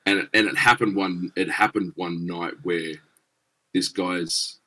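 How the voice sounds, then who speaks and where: A man's voice: low-pitched, steady tone, takes it slowly, pushed and bright. A middle-aged man, a guest musician telling stories in blunt casual talk and swearing freely. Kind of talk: casual storytelling.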